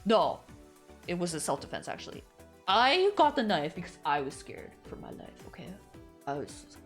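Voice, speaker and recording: A woman voicing a sly, scheming female teacher in a low, hushed, coaxing tone while retelling a story. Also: sing-song, moderate pace, soft background music. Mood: defensive.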